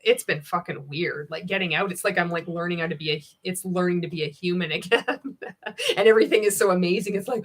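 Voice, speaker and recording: A woman's voice: on the low side, brisk. A woman hosting a casual livestream, reading out viewer comments. She is sarcastic, swears freely and laughs often. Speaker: livestream host.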